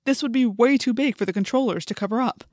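A woman's voice: a little high, fast talker, darkish tone, no echo, studio quality, voice pushed up, natural voice. A woman voicing an earnest teenage boy who leads his friends, speaking persuasively.

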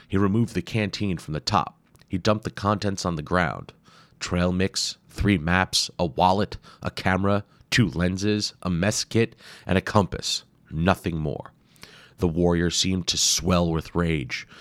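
Low-voiced man narrating a dramatic adventure. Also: no room sound. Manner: dramatic, with acted sound effects. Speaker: storyteller.

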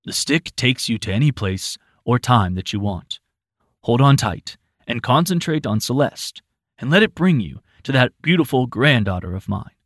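Kind old father, reassuring, knowing, animated delivery, man doing the voice. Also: mid-range voice, normal speed, no room sound, clean studio sound.

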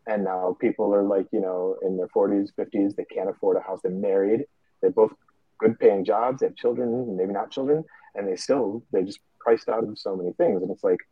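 Husky low-voiced podcast host. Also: male voice, dry recording. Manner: thoughtful, rambling explanations. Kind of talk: casual podcast chat. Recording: dull, dry lo-fi audio.

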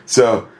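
Male podcast co-host, casual and animated, lively pitch swings, slips into comic character voices. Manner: animated, acts out monster voices and shouts. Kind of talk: casual chat.

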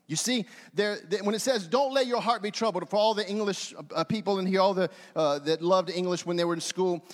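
A man preaching a sermon as pastor, speaking emphatically and repeating phrases for stress. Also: high-pitched. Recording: long hall reverb.

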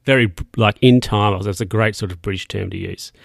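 A man's voice: on the low side, steady tone, fairly quick, gravelly, fairly bright tone, breathy edge, dry recording, clean studio sound. A man casually recapping a film scene by scene, rambling and correcting himself with plenty of fillers.

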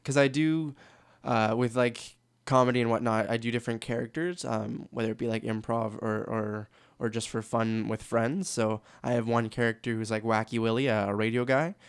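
A man's voice: medium pitch, fairly even intonation, moderate pace, smooth, no room sound. A young man from Canada, a sports announcer guest, chatting candidly and laughing easily. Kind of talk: casual interview chat.

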